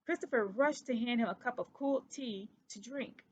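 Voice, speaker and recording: Storyteller: woman with a slightly high voice, reading a children's book at an easy pace. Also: husky. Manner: steady, unhurried storybook reading.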